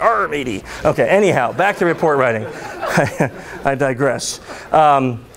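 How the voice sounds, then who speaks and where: A man giving a conference talk, joking and ranting as he tells stories to the audience. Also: on the high side. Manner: joking, ranting, animated storytelling. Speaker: conference speaker. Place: conference hall.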